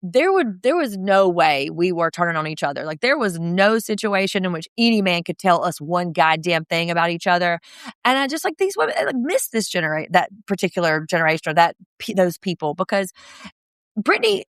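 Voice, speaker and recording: A woman's voice: fairly low pitch, brisk, no room sound. Woman, thirties, podcast co-host, sarcastic, swears freely, dry close sound. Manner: profane, sarcastic, animated quoting. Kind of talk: casual reality TV recap.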